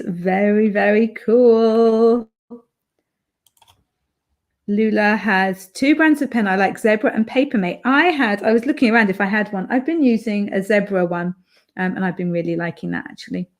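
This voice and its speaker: A woman from the UK hosting a live stream from home, chatting casually and reading viewer comments aloud with lots of fillers. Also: medium pitch. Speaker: livestream host reading chat. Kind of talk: casual chat.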